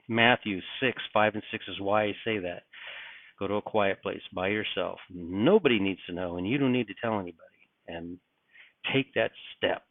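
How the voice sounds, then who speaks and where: A man's voice: on the low side, vocal fry, no echo. A middle-aged man preaching urgently in a video, earnest and repetitive, warning that the end times are near. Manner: earnest, urgent, repeats phrases. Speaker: religious video host. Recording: tinny phone-like sound.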